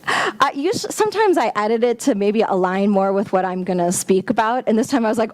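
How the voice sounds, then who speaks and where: A woman giving a sermon-style talk at a spiritual center, animated and exclamatory, with playful asides. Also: a little high, normal speed, no echo. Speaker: guest speaker at a spiritual center.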